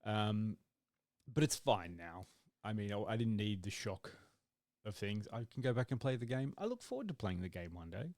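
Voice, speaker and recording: A man's voice: fairly low pitch, animated, normal speed, a little mellow, no room sound, studio quality. A man co-hosting a podcast in casual chat, rambling and acting out his own reactions. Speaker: podcast co-host.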